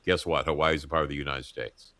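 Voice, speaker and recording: A man hosting a talk show, telling profane political stories in a lively, animated way. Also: extremely low pitch, fast talker, dry recording. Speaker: show host. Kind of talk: casual political chat. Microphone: earpiece headset.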